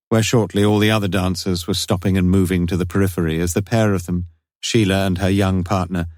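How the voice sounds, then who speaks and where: A male narrator reads a classic mystery audiobook in a low, measured voice. His delivery is wry and even, recorded dry and close. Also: no room sound.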